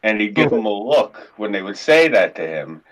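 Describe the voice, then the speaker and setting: A man's voice: lowish voice, very animated, moderate pace, fairly bright tone, low-quality recording. A man chatting casually on a podcast, telling rambling, profane stories and acting out the people in them. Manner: profane, rambling storyteller who acts out quotes. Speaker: podcast co-host. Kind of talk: casual chat.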